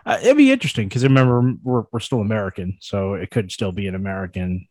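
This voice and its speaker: A man's voice: lowish voice, expressive, fast, a little mellow, no echo. A man co-hosting a casual podcast, rambling and self-deprecating, with many restarts. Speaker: podcast co-host.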